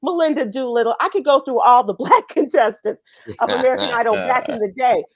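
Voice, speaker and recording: A woman's voice: fairly high pitch, fairly quick, no echo, muffled recording. A woman hosting a radio talk show, bantering casually and laughing often while she teases her co-hosts. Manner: laughs often, warm teasing.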